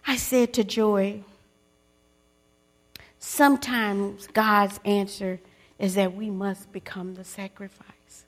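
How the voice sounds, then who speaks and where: A woman giving a testimony sermon to other women. She swings from loud preaching to hushed whispers and calls on listeners to repeat after her. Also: medium pitch, steady tone, slow, pauses often. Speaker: speaker at a women's gathering.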